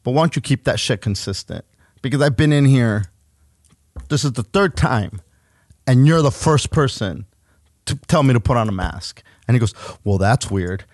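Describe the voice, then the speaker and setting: A man co-hosting a podcast, telling a story loosely and with a lot of swearing, acting out the other people's lines as he goes. His voice sits at an ordinary pitch. The sound is dry and close, with no room echo. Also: normal speed. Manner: profane, animated storytelling with acted-out dialogue. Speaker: podcast co-host. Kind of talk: casual storytelling chat.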